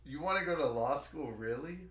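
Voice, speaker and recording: A man chatting casually on a stream, teasing his friend with quick questions. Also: fairly high pitch, lively intonation, a bit bright, roomy sound. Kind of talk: casual chat.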